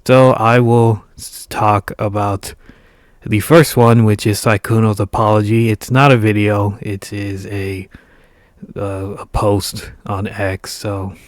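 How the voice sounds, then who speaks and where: Raspy wry man commenting casually. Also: lowish voice, little pitch movement, slow pace, dry recording, clean studio sound. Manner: wry, joking asides. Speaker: commentary video host.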